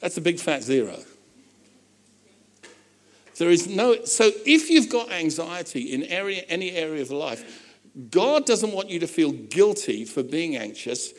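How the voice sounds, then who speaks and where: A man preaching to his congregation, his voice sitting high and swinging widely as he builds his points. He talks conversationally, slipping into joking asides and playful voices for the people in his stories. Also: measured pace. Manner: animated preaching with humorous asides. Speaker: pastor. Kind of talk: sermon.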